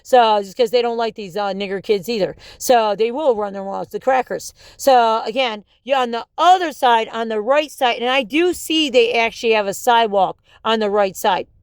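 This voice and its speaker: A woman's voice: on the high side, normal speed, few pauses, smooth, no room sound. A woman in an angry, rambling monologue, swearing often and jumping between topics.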